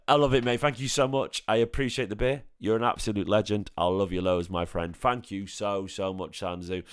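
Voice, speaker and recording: A man hosting a live-stream fan chat, slightly hoarse from singing, excitable and emotional, repeating his phrases. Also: lowish voice, fairly quick, few pauses, no room sound, studio quality. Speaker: fan channel host.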